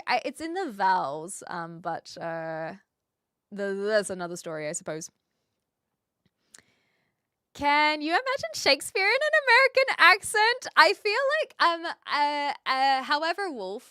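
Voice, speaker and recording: A woman's voice: fairly high pitch, fairly bright tone, clean tone, dry recording, clean studio sound. A woman chatting casually on a live stream, reading viewer comments and correcting herself as she goes. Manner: chatty, self-correcting, talks through restarts.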